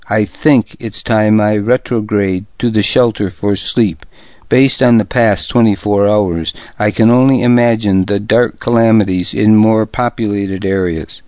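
A man reading a first-person survival story aloud in a steady, measured way, as a radio reading-service narrator. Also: fairly low pitch, no room sound. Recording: dull lo-fi radio recording.

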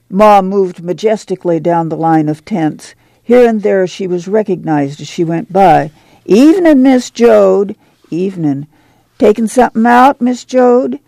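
A man narrating a novel as an audiobook, in a measured, unhurried way. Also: on the high side, gravelly, warm tone, no echo. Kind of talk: scripted narration.

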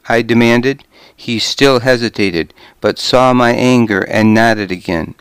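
A man reading a first-person audiobook as narrator, with a grim, measured delivery. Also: medium pitch, a bit bright, clear, resonant tone, dry recording.

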